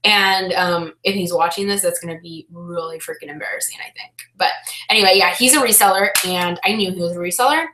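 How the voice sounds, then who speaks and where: A young woman chatting loudly and animatedly on a casual live stream, talking about her life as an online reseller. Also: fairly low pitch, fairly quick. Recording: echoey room.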